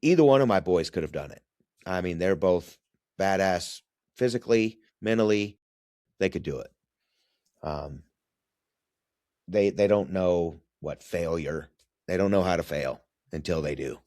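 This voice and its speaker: A man's voice: deep voice, a little slow, long pauses, a little mellow, no echo, clean studio sound. A middle-aged man, a former military navigator, telling a family story as a podcast guest, blunt and profane and acting out the dialogue. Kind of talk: casual storytelling conversation.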